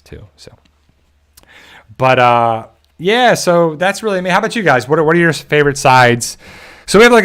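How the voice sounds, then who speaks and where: A man's voice: mid-range voice, fairly bright tone, smooth. A man hosting a casual livestream, reading viewer comments and rambling in a joking way with frequent chuckles. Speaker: channel host reading viewer chat.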